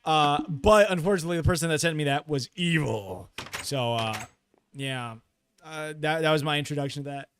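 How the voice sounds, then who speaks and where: A man chatting casually on a late-night live stream, excitable, laughing often and reading his chat aloud. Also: on the high side, normal speed, smooth.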